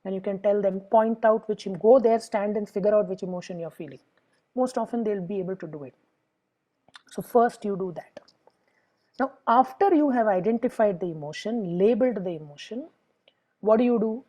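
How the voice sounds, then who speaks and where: Through poor audio, a middle-aged woman with an Indian English accent speaks in a warm, mid-range voice at a moderate pace. She is a psychologist breaking down emotions for parents in a lecture, acting out clients' and children's lines as examples.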